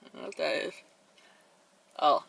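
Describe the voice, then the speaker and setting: A young woman vlogging from her car in a chatty, animated way, with dramatic reactions. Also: normal speed, no echo. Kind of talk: casual chat. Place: inside her parked car. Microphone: camera.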